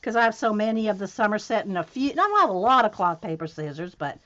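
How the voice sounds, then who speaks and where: A woman hosting a casual crafting vlog, chatting to her viewers as she works and getting excited by what she finds. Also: medium pitch, quick pace, few pauses, dull audio. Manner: chatty, excitable, talks to viewers while working. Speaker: craft video host.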